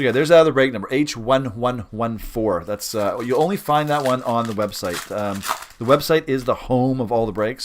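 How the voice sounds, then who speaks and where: A middle-aged man from Western Canada, casually commenting as host of a live sports card break and reading out each card with quick upbeat reactions. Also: fairly low pitch, a little hiss or hum. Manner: chatty, rambling, reads out cards with quick upbeat reactions.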